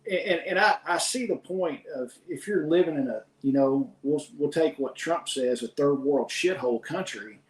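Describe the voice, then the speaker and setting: A man's voice: on the high side, normal speed, hardly any pauses. A man hosting a podcast, talking in a rambling, opinionated way with frequent restarts. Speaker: podcast host. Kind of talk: casual opinion chat. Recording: roomy echo.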